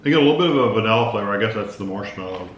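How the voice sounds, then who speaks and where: A man co-hosting a casual taste-test video, calmly describing flavors and textures. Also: fairly low pitch, rapid-fire, muffled recording. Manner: calm, descriptive, agreeable. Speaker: co-host of food review channel. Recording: roomy with faint noise.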